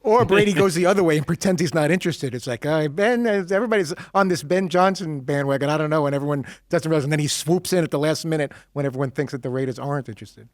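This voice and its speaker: A man chatting as a regular on a sports talk show, offhand and quick. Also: on the high side, no echo, studio quality.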